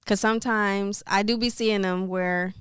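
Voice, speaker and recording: A woman's voice: medium pitch, steady tone, unhurried, a bit bright, clean tone, dry recording, clean studio sound. A woman guesting on a podcast, chatting candidly in loose, trailing phrases with giggles. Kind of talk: casual chat.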